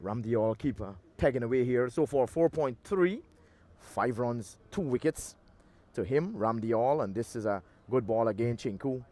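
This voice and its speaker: A man giving live commentary on a local cricket match outdoors, in a loose, relaxed delivery with pauses and fillers. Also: mid-range voice. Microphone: handheld mic through a loudspeaker.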